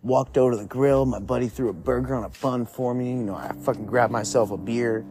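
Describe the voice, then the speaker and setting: A man's voice: medium pitch, steady tone, a little fast, noisy background. A young man telling a story in a loose, rambling way, swearing constantly and filling with "like". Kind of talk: casual profane storytelling.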